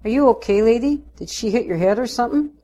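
A woman's voice: a little high, fast, warm tone, pitched above the performer's own voice, natural voice. A woman doing a cheery small-town cop. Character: burly cheery male small-town policeman.

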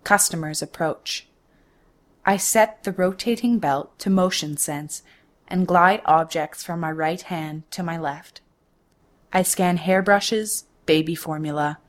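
A young woman narrating a first-person story in a measured, deliberate way. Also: lowish voice. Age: young adult.

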